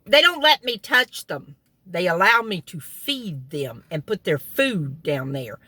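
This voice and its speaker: A woman's voice: lowish voice, sing-song, measured pace, bright, forceful tone, husky, no echo. A middle-aged woman telling folksy family stories in a casual vlog, chuckling as she talks, sitting in a car. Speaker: vlogger. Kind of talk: casual storytelling.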